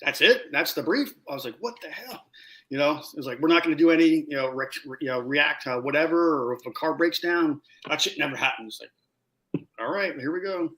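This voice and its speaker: A man telling war stories in a casual interview, animated, acting out what people said and swearing freely. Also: on the high side, fairly quick. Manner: animated storyteller, acts out quotes loudly, swears. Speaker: guest, former Marine scout sniper.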